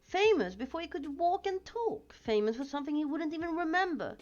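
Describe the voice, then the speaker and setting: A woman reading aloud and voicing a calm, kindly old male wizard in a measured, unhurried way, on a dull lo-fi recording with faint music. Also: sits high, pitched above the performer's own voice. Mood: earnest.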